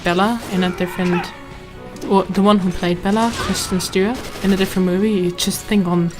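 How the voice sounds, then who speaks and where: Chatty woman commentating a video game over music. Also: on the low side. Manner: chatty, rambling asides with restarts. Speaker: let's play host. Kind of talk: casual gameplay commentary. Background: game music and sound.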